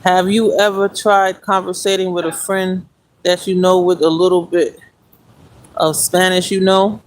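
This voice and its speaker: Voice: medium pitch, flat delivery, a little slow, slight background noise, low-quality recording. A speaker in their forties, rambling casually on a live stream while walking and exercising outdoors, talking into a handheld phone. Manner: chatty and meandering, talks while walking and exercising. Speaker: livestreamer.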